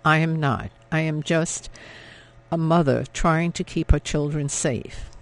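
A man voicing a weary, ashamed wartime mother who speaks quietly and tenderly in an audiobook. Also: on the high side, a little slow, vocal fry. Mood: quiet, resigned.

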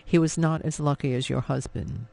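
A man playing a gentle, grave older official. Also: a little high, vocal fry. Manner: gentle, measured. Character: older gray-haired man, gentle but firm official.

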